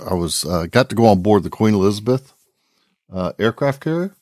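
A man co-hosting a podcast, telling a loose, rambling travel story at an easy pace. His voice sits very low, and the recording is dry and close. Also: lively intonation, brisk, darkish tone, no echo. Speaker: podcast co-host. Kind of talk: casual podcast chat.

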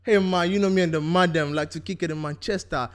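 Man doing a put-on London accent: cocky young lad, slangy, slightly high voice. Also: fairly even intonation, quick pace, natural voice. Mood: swaggering. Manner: swaggering, slangy.

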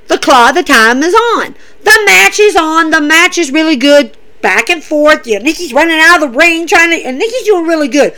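A woman's voice: high-pitched, fairly bright tone, poor audio. A young woman enthusiastically retelling wrestling events in a casual, chatty recap.

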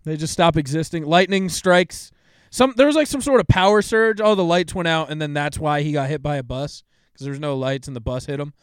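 Young man, podcast co-host, casual chat, profane, rambling plot recaps, slightly high voice, dry close sound. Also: fairly quick, few pauses, smooth, dry recording. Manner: loose and profane, retells movie plots with lots of fillers.

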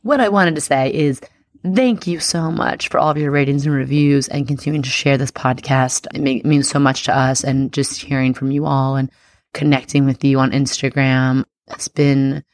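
A woman hosting her own podcast as an astrologer, talking in a casual, rambling and earnest way, restarting often and warmly affirming her listeners. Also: very deep voice, fairly even intonation, normal speed, dry recording. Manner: upbeat and affirming toward listeners. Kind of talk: casual solo podcast talk.

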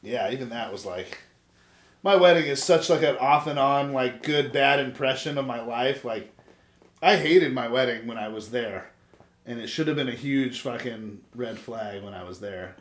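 A man in his thirties telling stories in casual chat, animated and profane. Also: mid-range voice, moderate pace. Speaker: podcast host. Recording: echoey room.

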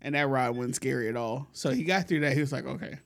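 A man hosting a podcast, telling a long, profane story in a relaxed way and laughing often. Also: mid-range voice, quick pace. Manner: laid-back, profane, laughs often while telling stories. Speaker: podcast host. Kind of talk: casual storytelling chat.

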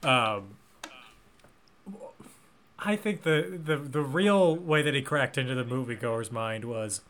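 A man hosts a casual film podcast and steers the talk between guests. He speaks very slowly, with a bright, forceful tone. His manner is dry and measured. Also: mid-range voice, lively intonation. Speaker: podcast host.

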